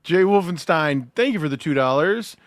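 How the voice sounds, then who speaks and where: A man's voice: fairly high pitch, expressive, normal speed, no room sound, clean studio sound. A man guest-hosting a casual livestream podcast, loose and swearing, with lots of uhs. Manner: loose, laughing, swears freely, many filler uhs.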